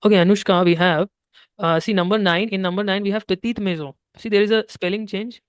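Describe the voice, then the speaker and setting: Quick high-voiced Indian teacher. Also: male voice, steady tone, clean tone, no echo. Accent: Indian English. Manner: patient, explains step by step, mixes in Hindi. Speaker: French teacher. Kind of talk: one-on-one language lesson.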